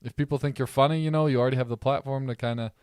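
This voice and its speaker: Young man, Midwest accent, podcast co-host, relaxed rambling chat, smooth clear voice, dry close sound. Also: mid-range voice, very fast, no echo. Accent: American Midwest. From American Midwest. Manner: relaxed, rambling, laughs often. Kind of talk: casual chat.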